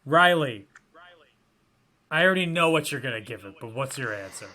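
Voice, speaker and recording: A man hosting a podcast in casual chat, asking questions in a dry, measured way. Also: medium pitch, expressive, sharp tone. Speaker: podcast host.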